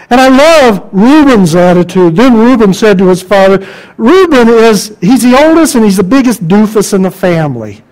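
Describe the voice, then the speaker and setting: A man preaching a sermon, emphatic and conversational, asking the congregation rhetorical questions and dropping to quiet asides. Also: very high-pitched, rough recording.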